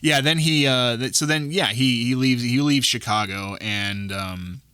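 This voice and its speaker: A man's voice: mid-range voice, measured pace, sharp tone, clean tone, no room sound. A man co-hosting a podcast, talking casually about a film in a rambling way with lots of restarts. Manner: rambling, restarts often, quotes lines from the film. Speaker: podcast co-host.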